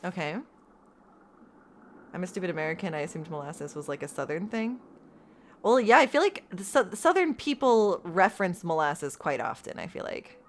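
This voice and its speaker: A woman's voice: lowish voice, big pitch swings, normal speed, slight background noise. A young woman chatting casually while streaming a game live, reading text aloud and laughing often. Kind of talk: casual live gameplay commentary.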